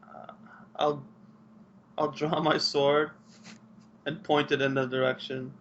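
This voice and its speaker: A man playing a tabletop game, calmly describing his character's actions. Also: on the high side, takes it slowly. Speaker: player. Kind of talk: casual tabletop play. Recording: dull lo-fi mic with faint hiss.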